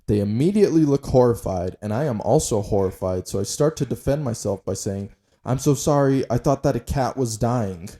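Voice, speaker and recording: A man's voice: medium pitch, expressive, fairly quick, warm tone. A young man co-hosting a casual podcast, reading posts aloud in a laid-back way and laughing often. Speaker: podcast co-host.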